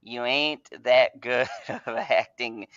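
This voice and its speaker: A man's voice: medium pitch, slow, fairly bright tone, dry recording. A man hosting an online fan podcast, ranting angrily with heavy profanity and stammered restarts. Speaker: podcast host. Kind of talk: ranting casual chat. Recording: dull, dry home mic sound.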